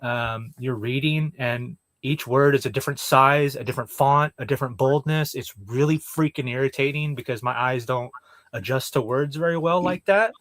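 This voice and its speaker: A man's voice: mid-range voice, normal speed, a bit bright, no echo. A man co-hosting a casual comics review show, talking bluntly and swearing freely about what annoys him. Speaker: podcast co-host.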